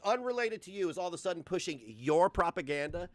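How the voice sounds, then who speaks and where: A man's voice: high-pitched, very animated, fairly quick, dry recording. A man in his forties giving profane, confrontational commentary as a live streamer. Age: 40s.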